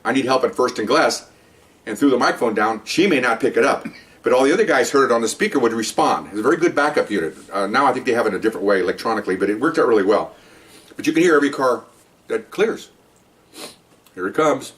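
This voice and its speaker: This former police officer, now older and retired, speaks quickly with a medium pitch, a slightly bright tone and lively intonation, picked up by a far-off microphone. He rambles through an amusing story from his time on duty as a casual anecdote. Laughing at his own story, he mimics the characters' voices.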